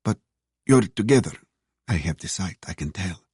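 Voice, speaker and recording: A man voicing a kindly waitress in her late sixties, speaking high and soft with a Russian accent. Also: lively intonation, normal speed, breathy edge, dry recording, clean studio sound, exaggerated voice. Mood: fond. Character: kindly older woman diner waitress, motherly and warm.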